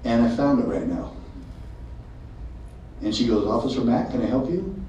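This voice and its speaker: A man telling a story to an audience in a lively way, acting out the dialogue. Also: medium pitch, moderate pace, a little hiss or hum. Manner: animated, acts out dialogue. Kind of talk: storytelling talk. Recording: echoey hall from far off, dull sound.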